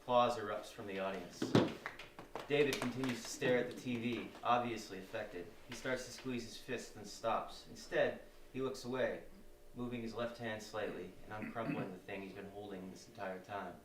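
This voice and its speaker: A man narrating the stage directions at a live script reading, with a steady, descriptive delivery. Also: fairly low pitch, moderate pace. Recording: roomy stage sound from far off, faint noise.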